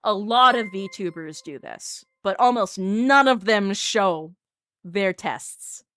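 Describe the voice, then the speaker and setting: A woman VTuber chatting casually on a live stream, animated and self-mocking. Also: mid-range voice, takes it slowly.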